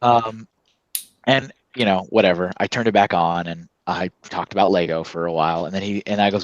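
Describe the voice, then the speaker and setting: A man telling a story in casual chat, animated and acting out what people said. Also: low voice, brisk, dry recording, lo-fi sound. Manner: animated storytelling, acts out quotes with laughs.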